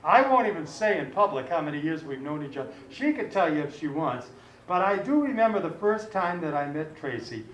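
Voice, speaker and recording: A man's voice: high voice, slight background noise. A man entertaining at a live sing-along show, trading folksy jokes with the crowd. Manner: folksy, joking patter with the crowd. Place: senior community function room. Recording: live, echoey room with loud music. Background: piano playing.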